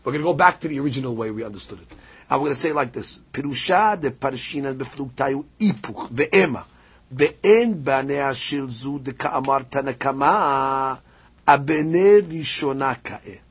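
Husky-voiced man teaching Talmud. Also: medium pitch, normal speed. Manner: explains in a back-and-forth, mixing Aramaic readings with English; animated, rises sharply on key points. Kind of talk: Talmud lesson.

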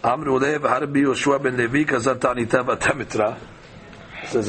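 A man's voice: medium pitch, normal speed, a bit bright, slight background noise. A man teaching a daily Talmud class, reading the Aramaic text aloud and explaining it in casual, conversational English.

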